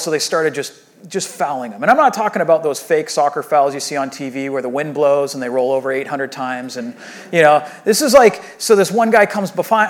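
A pastor in his thirties with a fairly high-pitched voice preaches a sermon in a conversational, storytelling style, swinging between lively moments and hushed ones.

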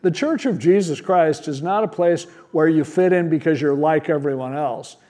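This male pastor sounds a little high and mellow, speaking at a normal speed. In his sermon he teaches verse by verse, plain-spoken and conversational, with rhetorical questions.

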